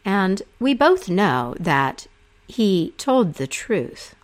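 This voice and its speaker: A woman voicing an old male sky god, a patient father speaking in a measured, weighty way. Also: medium pitch, sing-song.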